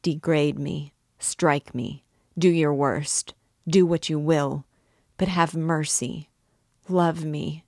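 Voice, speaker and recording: An obsessed male priest begs with raw, urgent emotion, voiced by a woman reading aloud. The tone sits low and unhurried, and the sound is close and dry with no room around it. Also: fairly even intonation, a little mellow, no room sound. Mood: pleading.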